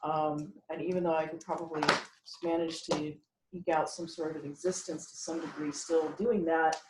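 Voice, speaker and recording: Woman, lowish voice, heartfelt rambling, echoey room, faint hiss. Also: steady tone, normal speed. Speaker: participant in a community dinner call. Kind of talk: casual sharing.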